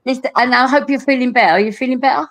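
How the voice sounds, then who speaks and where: A woman's voice: high-pitched, racing, fairly bright tone. Chatty woman with an Essex accent. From England. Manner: chatty, laughs often, swears casually. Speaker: panel guest. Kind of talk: casual livestream chat.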